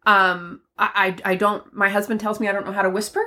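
Loud emphatic woman from the northeast, bright forceful voice, chatty faith podcast. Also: medium pitch, flat delivery, fairly quick. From Northeast United States. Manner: loud, emphatic, self-deprecating. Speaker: podcast co-host. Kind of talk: casual faith podcast chat.

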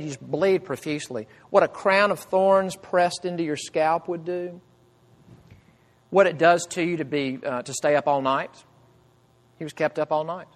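A man delivers a sermon in an earnest, emphatic way, his slightly high voice carrying through a hall with a long reverb. He rises to loud cries and then sinks to quiet, low phrases. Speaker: pastor.

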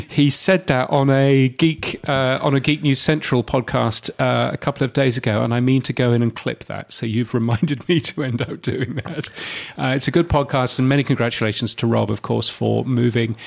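A man co-hosting a podcast in relaxed, rambling chat full of fillers. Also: medium pitch, normal speed, creaky. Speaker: podcast co-host.

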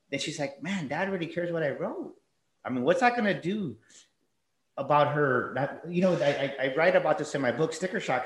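A middle-aged man with a fairly high voice talks in a relaxed, chatty way, slipping into the voices of the people in his stories. He is recorded in a noticeably echoey room. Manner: animated storyteller acting out quoted voices. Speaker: guest, author and father. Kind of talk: casual podcast conversation.

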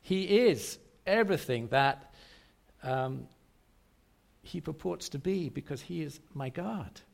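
A man's voice: on the high side, animated, slow pace, creaky. A man preaching a sermon to a congregation, emphatic and repetitive, often asking rhetorical questions. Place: church service.

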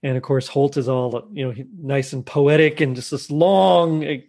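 A man's voice: mid-range voice, fairly even intonation, moderate pace, creaky, darkish tone. A man chatting casually as he retells a TV episode, laughing often as he goes. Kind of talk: casual chat recapping a TV episode.

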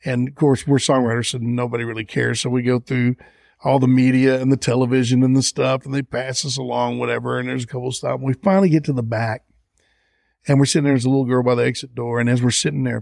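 Man telling a lively story. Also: mid-range voice, creaky, no room sound, studio quality. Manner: animated anecdote-telling, acting out quoted voices. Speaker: songwriter guest. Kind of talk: storytelling in a podcast interview.

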